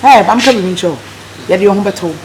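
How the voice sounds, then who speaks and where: An actor playing a fast-talking Ghanaian lecturer. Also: mid-range voice, noisy background, natural voice. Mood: lecturing. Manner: chanting a refrain, fast lecturing. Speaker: actor in a comedy film. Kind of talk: comic film acting.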